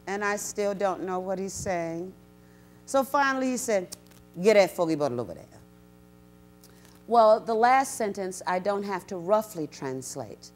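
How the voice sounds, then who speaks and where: A woman storyteller giving an animated talk to a university audience, acting out the people she quotes. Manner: animated, acts out quotes with big pitch jumps. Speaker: storyteller and guest speaker. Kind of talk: storytelling lecture. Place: university event, in front of an audience.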